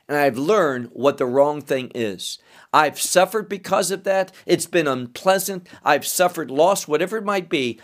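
A man teaching the Bible verse by verse, deliberately explaining Hebrew words as he goes. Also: fairly high pitch.

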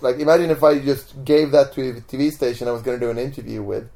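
A man of middling pitch tells a story in a relaxed interview at home. He is animated and jumps into the voices of the people in his tale. His delivery stays casual and chatty. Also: quick pace, vocal fry. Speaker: magician guest.

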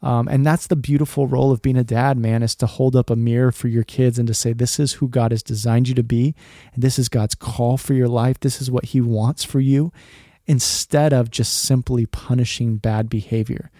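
A man's voice: medium pitch, little pitch movement, normal speed, warm tone, no room sound, studio quality. A man in his thirties hosting a faith podcast for dads, talking in an earnest, rambling way and dropping "man" often. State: choked up, emotional. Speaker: podcast host. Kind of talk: heartfelt podcast monologue.

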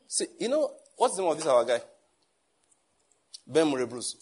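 A man's voice: fairly high pitch, very animated, normal speed, a little mellow, breathy edge. A man preaching a sermon in a conversational way, acting out little dialogues as he teaches. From Nigeria.

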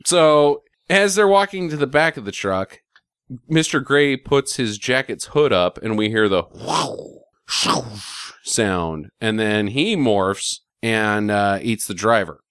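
A man chatting casually about a film, his pitch swinging up and down as he gets carried away. His voice is smooth and resonant, recorded close in a dry room with no echo. He swears freely and keeps slipping into goofy voices. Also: slow pace. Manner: animated, swears freely, drops into silly character voices. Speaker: podcast co-host recapping a film. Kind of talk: casual chat.

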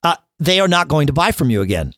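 A man co-hosting a casual business podcast, working through ideas out loud and backing up his partner. His voice sits a bit high and stays animated. The mic sound is close and dry. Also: quick pace, no echo. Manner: agreeable, reasons aloud. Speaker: podcast co-host.

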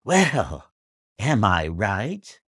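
A man voicing a pompous, irascible old squire who talks in an indignant, excitable, declamatory way in a storybook reading. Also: lowish voice, extremely slow, slightly rough, dry recording, clean studio sound, full character voice.

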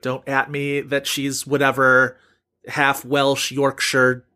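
A man's voice: medium pitch, monotone, takes it slowly, bright, forceful tone. A man co-hosting a podcast in casual chat, rambling with many fillers and laughs. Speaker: podcast co-host.

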